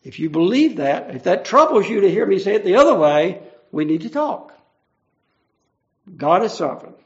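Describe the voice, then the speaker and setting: High, gravelly male preacher, lo-fi. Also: very animated, normal speed. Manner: earnest, conversational, explaining each verse. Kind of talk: verse-by-verse Bible teaching. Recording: dull lo-fi recording.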